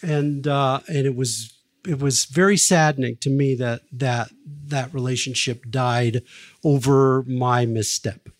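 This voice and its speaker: With a medium-pitched voice and a slightly slow pace, an older man who works as a record producer tells long stories during a podcast interview. He's a lively raconteur who acts out quoted lines, with lots of fillers and restarts along the way.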